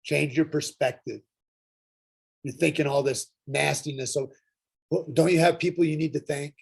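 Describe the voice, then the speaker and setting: A middle-aged man telling his personal recovery story at a workshop, earnest and halting, with frequent pauses and restarts. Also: fairly high pitch, fairly even intonation, creaky, breathy edge. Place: Santa Fe.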